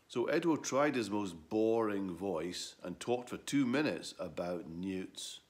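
A man with a low voice reads a children's story aloud. His delivery swoops up and down expressively, keeping the tale lively. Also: slow pace, hardly any pauses.

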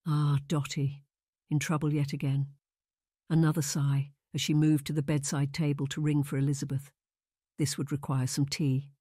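A woman narrating a historical romance audiobook in a measured, unhurried reading. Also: sits low, mellow, no room sound, studio quality. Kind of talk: scripted narration.

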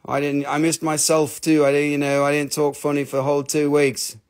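A man's voice: on the high side, monotone, a little fast, a little mellow. A man hosting a live stream that sells crystals and minerals, with rambling, joking, playfully crude sales patter. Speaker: host selling crystals and minerals.

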